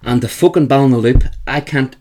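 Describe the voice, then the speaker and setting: Animated Northern Irish man telling stories. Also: mid-range voice, a little fast, slight background noise. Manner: animated, emphatic, repeats the host's name. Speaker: guest. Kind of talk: storytelling in an interview.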